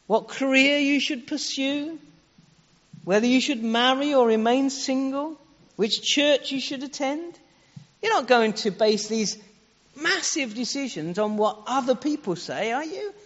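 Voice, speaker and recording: A man's voice: very high-pitched, expressive, unhurried, fairly bright tone. A man preaching a sermon, earnest, leaning on rhetorical questions and shifting his pace for emphasis. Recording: echoey hall, dull lo-fi sound.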